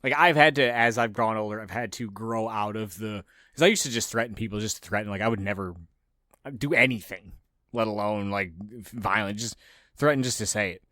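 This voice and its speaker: A man's voice: on the low side, fairly quick, sharp tone, dry recording, clean studio sound. A man hosting a podcast, ranting casually and profanely, mocking others in raised voices. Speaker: podcast host. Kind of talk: casual opinionated monologue.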